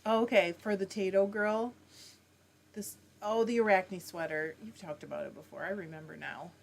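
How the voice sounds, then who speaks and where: Woman chatting away on a livestream, reading out comments and replying, average pitch. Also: fairly even intonation, moderate pace, gravelly. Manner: chatty, reads viewer comments aloud and answers them. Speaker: livestream host reading chat. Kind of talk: casual live chat. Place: home, fiber arts livestream.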